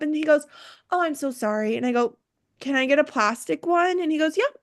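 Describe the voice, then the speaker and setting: A woman's voice: high voice, quick pace. A young woman who manages a restaurant, telling stories in a casual group chat and acting out both sides of the exchanges. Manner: animated storyteller acting out exchanges.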